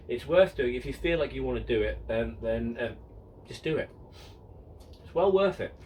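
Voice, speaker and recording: A man's voice: medium pitch, expressive, moderate pace, darkish tone, far from the mic, a little hiss or hum, poor audio. A man in his fifties hosting a casual Q and A, reading out viewer questions in a jokey, self-mocking way with many ums and restarts. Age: 50s. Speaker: model railway channel host.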